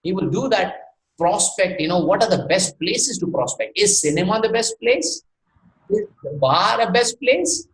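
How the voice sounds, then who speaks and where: A man from India leads an online sales workshop with a lively, questioning delivery, laughing now and then. His voice sits a little high for a man. It comes through an echoey room with faint noise on an online call mic. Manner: lively, asks many rhetorical questions, laughs often. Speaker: sales trainer.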